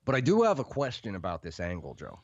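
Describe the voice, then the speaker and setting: Very low-voiced man, agreeable co-host. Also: huge pitch swings, fast talker, a little mellow, dry recording, highs cut off. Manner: asks questions, agrees with short yeps. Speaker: podcast co-host. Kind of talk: casual wrestling chat.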